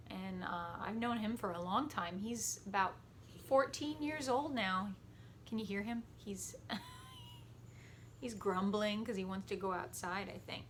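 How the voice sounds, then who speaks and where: A woman music teacher giving a warm, patient lesson to children from her home over a computer microphone, chatty and quick to laugh. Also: fairly high pitch, slight background noise. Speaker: elementary school music teacher. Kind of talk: gentle, encouraging virtual lesson for children.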